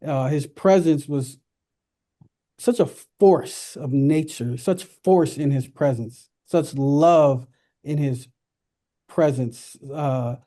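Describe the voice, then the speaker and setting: A man hosting a radio talk show, speaking earnestly and reverently, with lively laughing stretches. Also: on the high side. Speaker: radio host. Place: radio studio.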